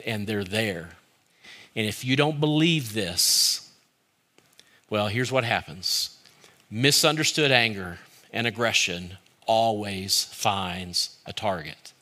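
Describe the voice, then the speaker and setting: A man preaching a sermon as pastor, shifting between loud animated bursts and quiet, slow emphasis. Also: fairly low pitch. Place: church service streamed online.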